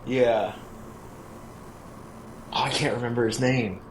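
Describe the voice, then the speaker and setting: A man's voice: mid-range voice, fairly even intonation, slow, slight background noise, rough recording. A man co-hosting a podcast in casual chat, hesitant and agreeable, often giving short replies. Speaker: podcast co-host.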